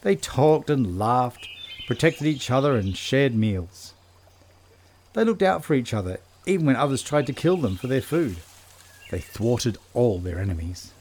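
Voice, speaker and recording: A man narrating a children's story in a gentle, measured storytelling voice. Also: mid-range voice, sing-song.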